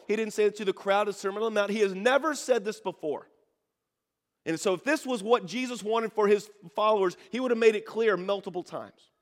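A man with a high voice preaches a lively sermon. He leads the congregation in repeating verses after him, and the long reverb of a church hall rings around his words. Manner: animated preaching, leading the congregation in call and response. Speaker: pastor.

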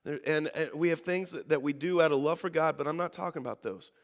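A man preaching a sermon to a congregation in a church, animated and leading them in call and response. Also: fairly high pitch, fast, vocal fry. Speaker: pastor. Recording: hall reverb.

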